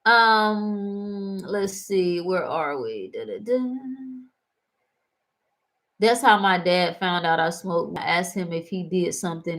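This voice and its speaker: A woman hosting a casual talk show, animated and prone to laughing and wandering into stories. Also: fairly low pitch, vocal fry. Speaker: host. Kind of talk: casual chat.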